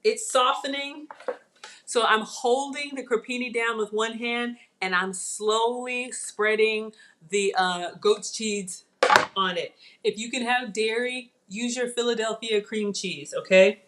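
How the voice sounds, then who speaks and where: Chatty woman, slow talker. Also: on the high side, fairly even intonation, fairly bright tone, slight background noise. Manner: chatty, talks viewers through each step. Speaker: channel host. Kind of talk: live cooking demo chat.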